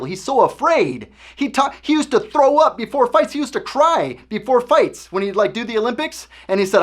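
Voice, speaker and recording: The host has a high voice and a fairly bright tone as he gives an informal explanation. Conversational throughout, he keeps asking the listener "okay?" to make sure they are following.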